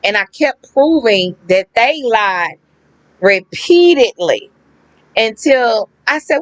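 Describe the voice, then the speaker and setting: A woman's voice: a little high, slow pace, dry recording, low-quality recording. A woman venting to her camera in a loose, slangy storytelling flow. She leans on repetition for emphasis and slips into other people's voices as she recounts them. Her voice is recorded up close and dry, with no room sound around it. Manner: animated, acts out quoted people, emphatic repetition; slangy, conversational. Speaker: vlogger.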